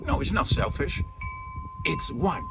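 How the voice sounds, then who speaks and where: A man giving an earnest, informal spiritual talk outdoors in the shade. He often asks rhetorical questions and checks in with "okay?". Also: unhurried. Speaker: spiritual teacher. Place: outdoors in the shade at his home, with trees and mountains. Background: faint outdoor ambience with birds and wind chimes.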